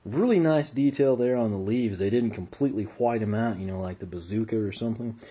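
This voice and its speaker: A man with an American accent, reviewing a toy in casual unboxing commentary, relaxed and rambling, and losing his voice. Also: fairly low pitch, brisk, slightly rough. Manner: relaxed and rambling, with frequent uh fillers.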